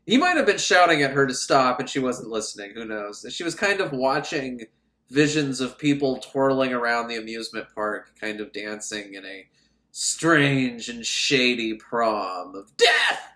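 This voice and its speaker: A man's voice: mid-range voice, lively intonation, normal speed, sharp tone. A man giving a rambling, profane, sarcastic comic recap of a film. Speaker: film reviewer. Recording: echoey room.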